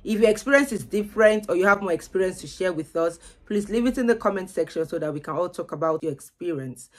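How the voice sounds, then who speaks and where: A young woman, vlogging casually to camera and chatting in a loose, repetitive way. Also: fairly low pitch. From Nigeria. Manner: chatty, repeats words as she goes.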